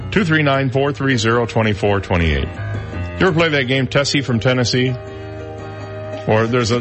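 A man hosting a morning radio show, running a call-in quiz and reading news, playful and fond of repeating himself. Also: mid-range voice. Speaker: radio talk show host.

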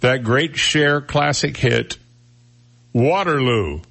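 A man's voice: mid-range voice, gravelly, fairly bright tone, slightly rough. A man hosting a talk radio show, chatting wryly and joking about odd news stories in a studio. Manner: wry, joking, drawn-out delivery.

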